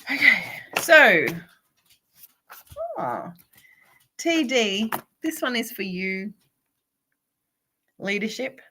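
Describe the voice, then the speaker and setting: A woman's voice: mid-range voice, bright, forceful tone. A woman, a spiritual coach, doing a live oracle card reading and speaking encouragingly to viewers by name.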